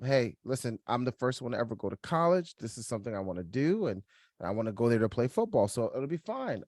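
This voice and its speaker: A young man co-hosting a podcast, telling a personal story in casual chat, lively and laughing, acting out the voices of others. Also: mid-range voice, no echo, studio quality. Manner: animated, acts out quoted voices, laughs while telling. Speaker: podcast co-host.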